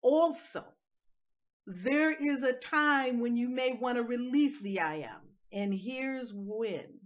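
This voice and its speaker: A woman's voice: on the high side, slow pace, dull audio. A woman spiritual teacher giving a motivational talk, stressing words and chanting them in rhythm.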